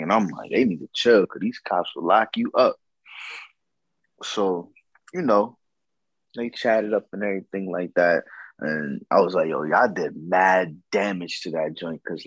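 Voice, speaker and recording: A man's voice: deep voice, husky, no echo, muffled recording. A man telling a casual story about a night out, slangy and profane, acting out what others said.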